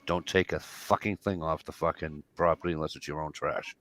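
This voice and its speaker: A middle-aged man telling profane, lively stories in casual chat. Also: very deep voice, fairly quick, dry recording. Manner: profane, animated anecdote telling.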